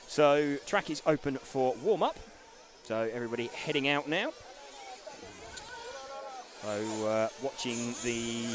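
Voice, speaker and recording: A man's voice: mid-range voice, noisy background. A man commentating a live race, dry and matter-of-fact, reading out driver lists and describing the track.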